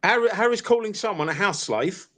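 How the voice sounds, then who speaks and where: East London bloke, high voice, insistent lecturing tone, heated online argument. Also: male voice, expressive, moderate pace, a bit bright. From England. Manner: lecturing, insistent, calls listener mate and fella. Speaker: live stream participant.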